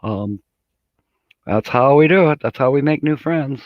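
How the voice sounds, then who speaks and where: A man's voice: medium pitch, expressive, a little slow, no echo. A middle-aged man from Michigan hosting a live stream in a casual, folksy way, greeting viewers and chuckling often. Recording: dull, dry lo-fi audio.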